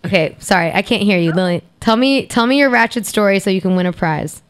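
A woman's voice: medium pitch, animated, quick pace, clean tone. A woman co-hosting a podcast, teasing a caller and laughing often. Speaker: podcast co-host. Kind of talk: casual podcast chat.

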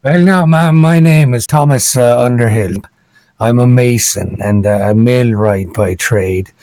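A man doing a halting, courteous halfling mason. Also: medium pitch, a little mellow, dry recording, lightly acted. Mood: deferential. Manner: stammering, deferential, folksy. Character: polite hesitant male halfling mason foreman.

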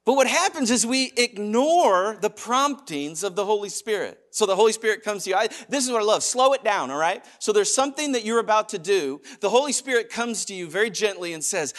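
A man preaching a sermon in a lively, conversational way, dropping to a gentle hush when he voices asides. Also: high-pitched, fairly quick, few pauses. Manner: animated, conversational preaching with quiet acted asides. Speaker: pastor.

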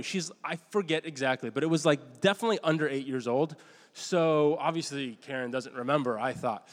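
A middle-aged male pastor delivers a sermon in a rambling, conversational storytelling manner, with frequent restarts and self-deprecating asides. His voice sits a little high for a man. A long reverb trails after each phrase, as if he is preaching in a church hall. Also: fairly quick.

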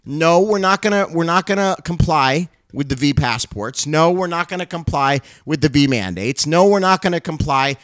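A man's voice: on the high side, expressive, normal speed, hardly any pauses, a bit bright, no room sound. A middle-aged male pastor and show host giving an urgent, impassioned monologue that turns into fervent prayer.

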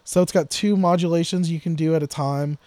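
A man's voice: fairly high pitch, steady tone, brisk, a little mellow, dry recording. A man co-hosting a casual podcast about guitar gear, rambling and joking, his sentences often trailing off into mutters. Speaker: podcast co-host.

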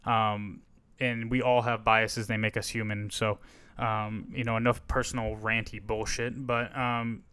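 Man, podcast host, casual movie review, rambling, frank, smooth clear voice, dry close mic. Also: on the low side, little pitch movement, unhurried, sharp tone, no echo.

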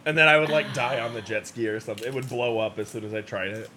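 A man's voice: mid-range voice, steady tone, fast, sharp tone, slight background noise. A man co-hosting a casual movie review podcast, dropping dry, jokey remarks. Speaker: podcast co-host.

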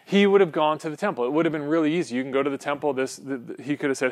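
A man's voice: on the high side, steady tone, very fast, few pauses, no echo. A man teaching a small Bible class in a church room, talking informally and often checking in with "right?" between his points. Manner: conversational, peppered with "right?" tags and restarts.

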